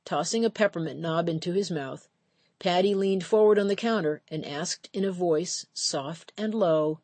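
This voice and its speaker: Low-voiced woman reading a story, dry sound. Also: no echo. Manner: measured, steady storytelling. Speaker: audiobook narrator. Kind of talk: scripted narration.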